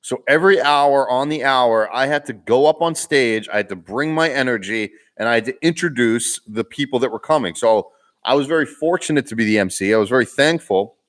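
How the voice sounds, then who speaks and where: A man's voice: medium pitch, brisk, fairly bright tone. Chatty man hosting a live Q&A. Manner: rambling, conversational, checks in with "right?". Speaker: livestream host. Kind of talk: casual live Q&A chat.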